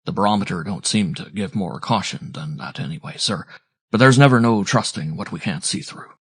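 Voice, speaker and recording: A man voicing a weathered ship captain who talks in calm, plain-spoken seaman's dialect. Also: deep voice, fairly quick, gravelly, breathy edge, exaggerated voice.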